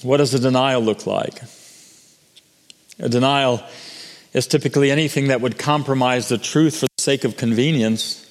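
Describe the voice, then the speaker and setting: A man's voice: medium pitch, fairly even intonation, normal speed, pauses often, in a large hall. A man preaching a sermon as pastor, earnest, restarting and repeating words as he goes.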